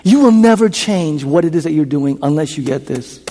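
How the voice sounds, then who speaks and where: A male pastor preaching a sermon in a church. He repeats lines, questions the congregation, and swings from loud declarations to hushed whispers. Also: fairly high pitch, lively intonation, brisk, noisy background. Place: church sanctuary. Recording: long hall reverb.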